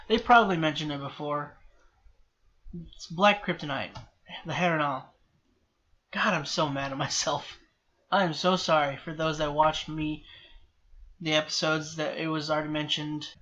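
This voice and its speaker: A man's voice: a little high, pushed and bright. A man rambling through a TV episode reaction, restarting and correcting himself and apologizing often. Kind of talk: rambling solo reaction commentary. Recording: slightly dull lo-fi sound with faint background hiss.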